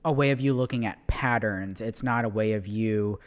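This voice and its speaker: A man's voice: lowish voice, normal speed. A man co-hosting a podcast, speaking emphatically and joking around while giving opinions about relationships. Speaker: podcast co-host. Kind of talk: casual chat.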